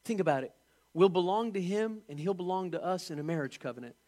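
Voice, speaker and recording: A man preaching a sermon, animated and emphatic, asking the congregation rhetorical questions. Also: high voice, quick pace. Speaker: pastor.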